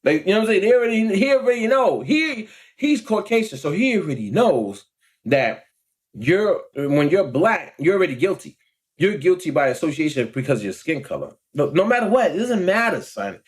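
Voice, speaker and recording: A man, telling a story in a casual, animated vlog rant and often checking in with the listener. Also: sits high, moderate pace. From Long Island, New York. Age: 40s. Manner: animated, acts out quoted voices, frequent "you know what I'm saying". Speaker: vlogger.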